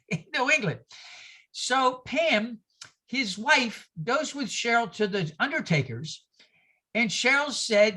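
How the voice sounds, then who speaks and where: An older man from New York teaching a class on a video call, animated and digressive, with anecdotes and asides. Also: high voice, measured pace.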